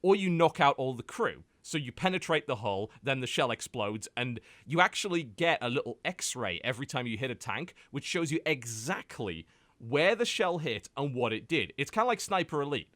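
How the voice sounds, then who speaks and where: A British man hosts a podcast chat, his pitch leaping up and down as he jokes and mimics. The sound is dry and close to the mic, with no room around him. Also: no echo. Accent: British English. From United Kingdom. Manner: animated, joking, quick to mimic and exaggerate. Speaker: podcast host. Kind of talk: casual chat.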